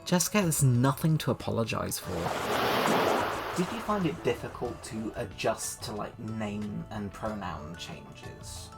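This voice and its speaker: Loud music plays behind a man with a lowish voice and vocal fry who is reviewing a novel a little slowly, very animated. Chatty and sardonic, he laughs often and reads passages aloud in this casual book commentary.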